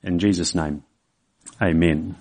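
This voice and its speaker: A man's voice: deep voice, fairly even intonation, slow, a little mellow. A man preaching a sermon in a church service, conversational, with fillers and restarts. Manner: acts out quoted voices in an illustration.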